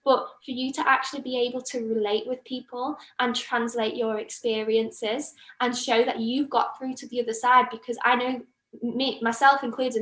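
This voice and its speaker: A woman's voice: fairly high pitch, a bit bright, reverberant. A young woman, an engineering student talking earnestly as a podcast guest, rambling a little with restarts. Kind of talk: casual interview chat.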